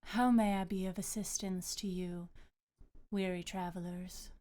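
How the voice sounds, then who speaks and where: A woman voicing a huge, calm female water goddess who speaks slowly and formally. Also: lowish voice, natural voice. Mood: calm, stately. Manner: slow, measured and formal.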